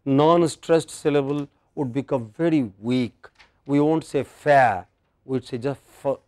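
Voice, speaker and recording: This male teacher, speaking Indian English, runs a word-stress lesson in class, quizzing students as he drills. He talks at a moderate pace with a medium pitch and a slightly mellow sound, and there's no echo.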